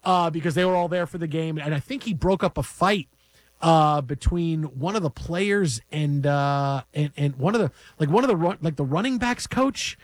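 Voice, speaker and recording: A man's voice: a little high, normal speed, dry recording. A man hosting sports radio, telling stories in casual, emphatic talk from a studio. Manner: animated, emphatic storyteller.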